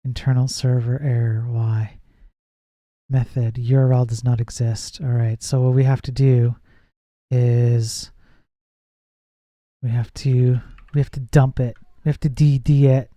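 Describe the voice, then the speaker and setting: A man live-streams while he codes, thinking aloud, reading chat, and trailing off before restarting. His mid-range voice is level, mellow, and a little slow, recorded in studio quality with no echo, and he says it gets nasal when he projects.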